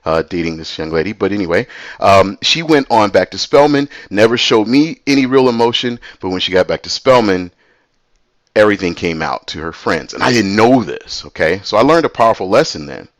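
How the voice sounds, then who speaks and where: Male storyteller, middle-aged, casual and animated, close dry read. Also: fairly low pitch, a little fast, no echo. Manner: animated, voices other people in quotes.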